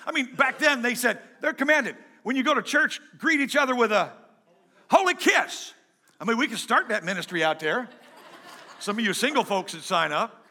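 A pastor preaching a sermon in a joking, conversational way, swinging between loud and soft. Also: male voice, very high voice, lively intonation, a little fast.

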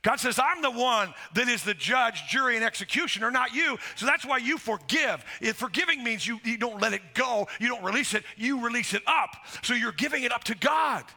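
A pastor in a church sanctuary preaches a sermon, exhorting the congregation directly and quoting scripture while a band plays softly beneath him. His voice is extremely high, expressive and brisk, with few pauses.

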